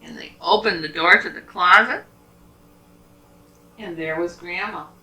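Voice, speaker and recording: A woman's voice: fairly low pitch, a little slow. An older woman telling fairy tales aloud to a child and asking the child questions along the way. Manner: animated, asks the listening child questions. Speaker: storyteller. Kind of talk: reading children's stories aloud. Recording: roomy, distant home recording.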